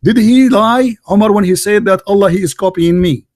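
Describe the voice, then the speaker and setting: A man with a high, voice hosts a heated live call-in debate. He talks combatively, cuts in and repeats phrases over and over. He says he is losing his voice. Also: fairly quick, darkish tone, no echo, studio quality.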